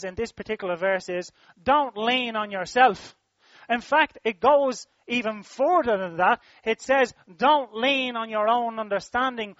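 A preacher with a high, fairly bright voice speaks in a repetitive, emphatic rhythm, building his voice up and then letting it fall. The recording is dry and slightly dull, with no room sound.

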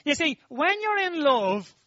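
A man's voice: very high voice, sing-song, measured pace, bright, forceful tone, no room sound, muffled recording. An Irish man preaching a sermon in a conversational, storytelling way, rising to emphatic outbursts.

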